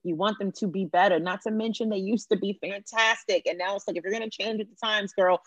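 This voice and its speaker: A woman hosting a casual podcast chat, talking in an animated, emphatic way with lots of asides. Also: medium pitch, quick pace, no room sound. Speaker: podcast host. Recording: dull, lo-fi remote podcast audio.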